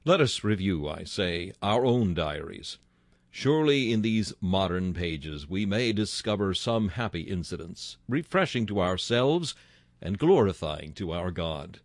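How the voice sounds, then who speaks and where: A man's voice: low-pitched, very animated, unhurried, no room sound. A man delivering a solemn sermon, with stately, old-fashioned biblical diction and a string of rhetorical questions. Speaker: preacher. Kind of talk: sermon reading.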